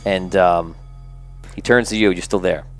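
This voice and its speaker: A man's voice: low-pitched, fairly even intonation, normal speed, soft background music. A man narrating a tabletop game as game master, rambling with lots of fillers. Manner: rambling, filler-heavy, laughing.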